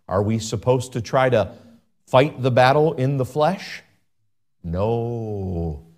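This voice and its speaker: A man delivers a sermon at an ordinary, mid-range pitch. He keeps turning to his listeners with questions. His emphatic lines push up loud, then he drops into low, quiet asides. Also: lively intonation, unhurried. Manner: asks the congregation frequent questions. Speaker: pastor.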